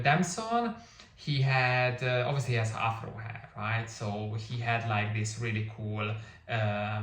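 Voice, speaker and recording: A man's voice: on the low side, fairly bright tone, recorded from a distance. Man, casual reviewer, Hungarian native speaker, rambling with fillers, roomy echo. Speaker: movie reviewer. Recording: echoey room, somewhat off-mic.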